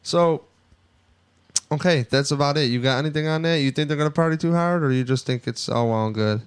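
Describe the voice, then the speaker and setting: Male podcast co-host, rambling and profane, smooth clear tone. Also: a little high, a little fast. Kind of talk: casual sports podcast chat.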